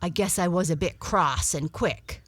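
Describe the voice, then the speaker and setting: A woman voicing a male dog who is gruff and cross at first but good-hearted, with a hearty, blustery way of talking. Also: fairly low pitch, unhurried, no echo.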